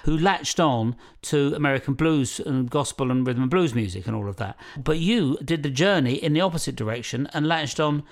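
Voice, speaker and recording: A man's voice: on the high side, expressive, normal speed, few pauses. A man hosting an interview, asking long, meandering questions in casual chat. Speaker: host.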